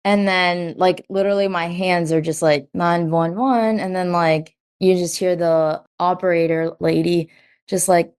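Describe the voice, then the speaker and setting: Young adult woman, low-ish pitch, chatty with constant "like", re-enacts quotes. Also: normal speed, smooth. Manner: says "like" constantly, quotes herself and others in lively bursts. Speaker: guest. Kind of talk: personal story in an interview.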